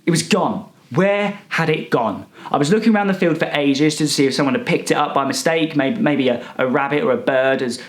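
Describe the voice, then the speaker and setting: A young man telling a rambling, self-righteous comic story in a deadpan, indignant manner. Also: a little high. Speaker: comedic character monologue performer.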